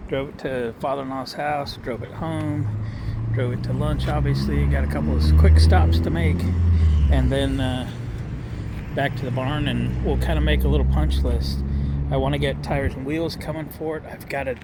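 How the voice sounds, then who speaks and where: A man's voice: medium pitch, normal speed. A middle-aged man talking casually and folksily to viewers about his small electric car, recorded outdoors. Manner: folksy, rambling, addresses viewers as boys and girls. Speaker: vlogger showing his electric utility car. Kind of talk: casual vlog talk. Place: outdoors, at a restaurant lot and by a barn. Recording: outdoor noise behind the voice.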